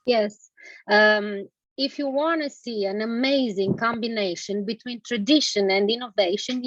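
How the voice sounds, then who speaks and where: Upbeat higher-voiced woman, muffled call. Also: fairly bright tone, dry recording. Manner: upbeat, promotional. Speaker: panelist. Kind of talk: panel remarks. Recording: dry dull call audio.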